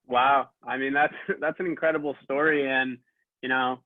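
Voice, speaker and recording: A man hosts a casual interview and asks his questions in a relaxed way, full of fillers. His voice sounds thin and phone-like, with a dry, close sound. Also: medium pitch, normal speed, no room sound. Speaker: interview host. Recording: tinny dry phone-like line.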